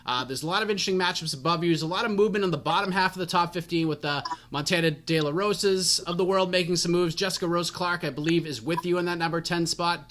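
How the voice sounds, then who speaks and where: A man's voice: sits high, fairly bright tone, slight background noise. A young adult man hosting an interview, asking long, winding questions in a chatty, casual way. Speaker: MMA interviewer.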